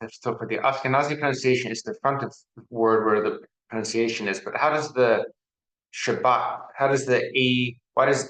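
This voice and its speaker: A man's voice: mid-range voice, fairly bright tone. A man asking his teacher a question in class, hesitant and thinking aloud. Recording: echoey room, away from the mic.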